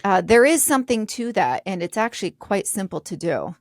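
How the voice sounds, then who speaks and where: A woman co-hosting a podcast in casual chat, an animated storyteller who laughs easily. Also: medium pitch, brisk, no room sound, studio quality. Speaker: podcast co-host.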